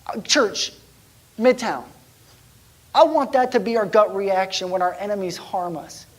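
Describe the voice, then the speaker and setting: With a high-pitched voice and a measured pace, a pastor shares a story from his own life in his sermon. He speaks conversationally, restarts frequently, and often goes quiet, nearly whispering.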